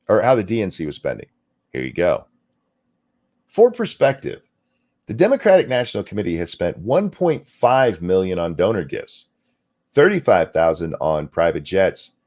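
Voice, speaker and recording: A man's voice: fairly low pitch, darkish tone. A man co-hosting a casual political talk stream, reading out news items with sarcasm.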